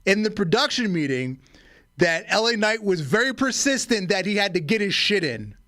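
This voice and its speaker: A man's voice: high voice, sing-song, moderate pace, bright, forceful tone, no room sound, studio quality. A man co-hosting a wrestling podcast, talking through storylines analytically and steering the chat. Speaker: podcast co-host.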